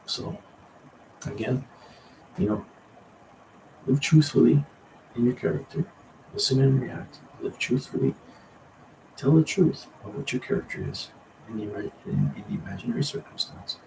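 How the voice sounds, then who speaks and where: A man's voice: mid-range voice, animated, normal speed, long pauses, darkish tone. A man coaching actors in a rambling spoken lesson, often repeating and restarting his phrases. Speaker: acting coach. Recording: distant mic with clear background noise.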